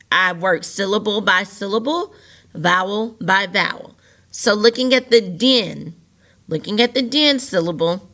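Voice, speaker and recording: A woman teacher patiently takes children through a phonics lesson step by step, posing rhetorical questions as she explains. Her voice is lowish, with a bright, forceful tone.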